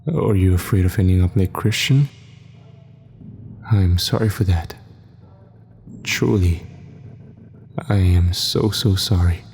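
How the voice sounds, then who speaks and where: A man voicing a slow, coaxing female demon. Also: sits low, gravelly, a little mellow, in a large hall, slight background noise, heavily acted. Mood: pleading. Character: pleading female demon, ghostly and soft-spoken.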